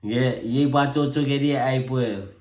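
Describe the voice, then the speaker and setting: A man's voice: mid-range voice, a little slow. Chuukese-accented man, casual and echoey. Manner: relaxed, self-deprecating, hesitant with many fillers. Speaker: vlogger introducing himself as a translator. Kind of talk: casual to-camera talk mixing English and Chuukese.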